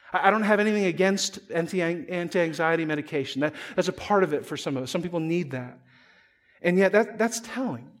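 A pastor delivers a relaxed sermon in a notably high voice for a man. He tells stories like he is chatting with friends and pokes fun at himself along the way. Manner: conversational storytelling, self-deprecating humor.

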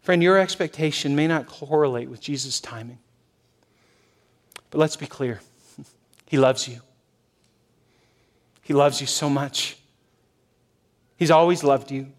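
A male pastor preaching a sermon in a church, shifting between loud emphasis and hushed softness. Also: fairly high pitch. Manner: expressive, swings from loud to hushed.

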